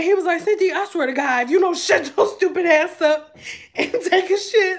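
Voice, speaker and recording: Young woman, high voice, storytime vlog, cussing and laughing a lot. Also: normal speed. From Detroit. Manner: animated, profane, laughing as she tells it. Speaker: vlogger. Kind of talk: casual storytelling.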